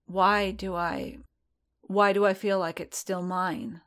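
A woman voicing a conflicted male armored warrior in a storybook reading, speaking in a subdued, measured way. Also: medium pitch, fairly even intonation, a bit bright. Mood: troubled.

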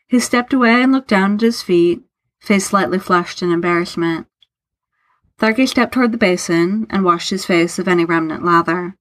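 A woman narrating fiction aloud in an unhurried, even storytelling manner. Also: fairly low pitch.

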